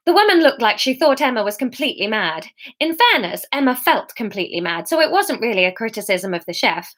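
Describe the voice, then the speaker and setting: A woman's voice: a little high, very animated, a little fast, fairly bright tone. Chatty woman reading her novel aloud. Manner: chatty, giggly, self-mocking. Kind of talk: live reading with chat asides.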